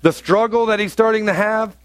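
Speaking briskly in a high voice, a man delivers a sermon as a pastor, chatting with the congregation through questions and loudly performing taunts. The recording carries no room sound.

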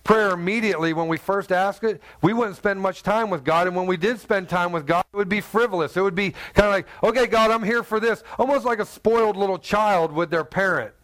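A man's voice: sits high, a little fast, hardly any pauses, a bit bright. A man preaching a conversational sermon who talks straight to his listeners and acts out the people in the story. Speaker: pastor.

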